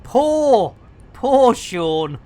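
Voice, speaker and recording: A man's voice: very high voice, sing-song, extremely slow, dark tone. A man giving playful, theatrical commentary on a live game stream. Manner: jokey, theatrical, lots of pet phrases.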